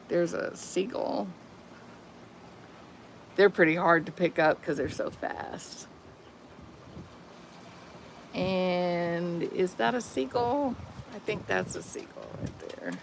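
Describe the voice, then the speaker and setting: A woman's voice: fairly low pitch, animated, slow pace, gravelly, long pauses, fairly bright tone, slight background noise, rough recording. A woman chatting casually on a live vlog outdoors, talking to her viewers and her pets. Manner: chatty, talks to her pets, laughs often. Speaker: vlogger. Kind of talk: casual live-stream chat.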